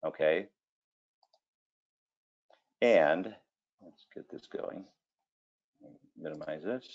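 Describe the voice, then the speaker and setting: A kitchen designer talking through a screen-share presentation, telling folksy stories and filling gaps with 'okay' and 'you know'. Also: male voice, very deep voice, drawn-out words, phone-quality sound. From Cleveland area, Ohio.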